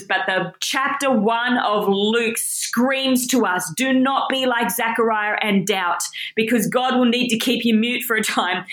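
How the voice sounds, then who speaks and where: Lady preaching through a bible chapter, kinda high voice, emphatic and chatty, roomy echo. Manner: expressive, emphatic, conversational. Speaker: Bible teacher. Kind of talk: Bible teaching talk.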